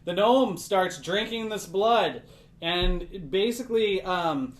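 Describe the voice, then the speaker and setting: A man's voice: sits high, slow. A man narrating as game master of a tabletop game, loose and chatty with plenty of fillers. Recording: roomy echo with faint background hiss.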